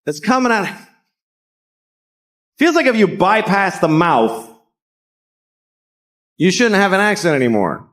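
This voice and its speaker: A man's voice: high voice, big pitch swings, measured pace, long pauses, fairly bright tone. A middle-aged man doing stand-up comedy in a sarcastic, profane way, slipping into mocking voices.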